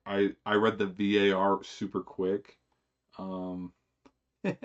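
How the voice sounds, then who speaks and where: Low-voiced man chatting on a stream. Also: lo-fi sound. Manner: rambling, chatty, with many fillers and restarts. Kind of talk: casual live-stream chat.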